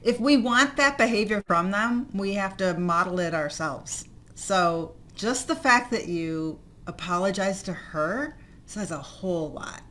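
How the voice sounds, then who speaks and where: A woman co-leading a parenting workshop over a video call, calm and affirming. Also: medium pitch, measured pace. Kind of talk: group discussion.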